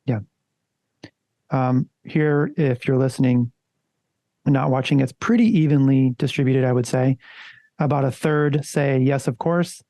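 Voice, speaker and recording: A man's voice: mid-range voice, measured pace, long pauses, dark tone, no echo. A man co-hosting a casual podcast, talking loosely and conversationally and swearing now and then. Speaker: podcast co-host.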